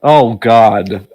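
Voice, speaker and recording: A man voice actor in a casual group call. He sounds laid-back and laughs easily, with a mid-pitched voice that moves around a lot.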